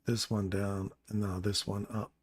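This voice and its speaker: A man quietly thinking aloud while commentating his live trades as a streamer, talking into a desk mic. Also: on the low side, flat delivery, moderate pace, slightly rough, no room sound. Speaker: trading streamer.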